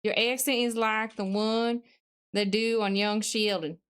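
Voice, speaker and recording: A woman's voice: on the high side, steady tone, a little slow, smooth. A woman streamer chatting casually on a live stream, reading chat messages aloud, answering them, and thinking aloud while she studies.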